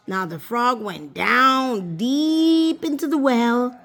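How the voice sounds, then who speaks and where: A woman reading a children's fairy tale aloud in an expressive, sing-song way, as the host of a storytime channel. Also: a little high, slow.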